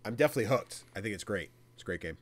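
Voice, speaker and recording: Male podcast co-host, casual and animated, filler-heavy storyteller. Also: fairly low pitch, rapid-fire. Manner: animated storyteller, many fillers and sound effects. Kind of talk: casual chat.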